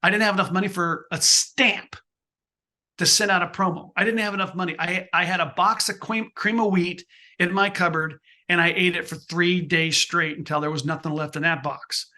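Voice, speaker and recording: A man's voice: sits high, steady tone, moderate pace, bright, forceful tone. A man in his sixties, a photographer answering interview questions with emphatic motivational advice, often repeating and restarting his phrases.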